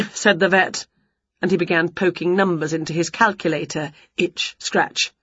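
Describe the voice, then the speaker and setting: In a dull lo-fi home recording, a woman with a lowish, slightly rough voice reads an English picture book aloud to children. Chinese is her first language, and her storytelling is slow and lively.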